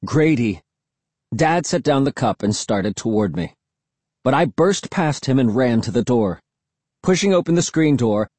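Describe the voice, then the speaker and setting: A man narrating a first-person storybook in an expressive, tense storytelling manner. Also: mid-range voice, husky, dry recording. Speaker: audiobook narrator.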